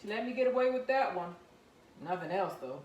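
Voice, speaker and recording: A woman chatting her way through a home cooking vlog, rambling and laughing, with loud whoops now and then. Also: mid-range voice, animated, fairly quick, reverberant, dull audio, slight background noise. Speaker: home cook and vlogger. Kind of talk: casual cooking vlog chat. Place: home kitchen.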